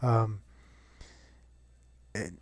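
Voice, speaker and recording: A man's voice: fairly low pitch, very slow, darkish tone, slight background noise. A young man chatting casually over gameplay, rambling and swearing with lots of restarts. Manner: rambling and profane, many restarts.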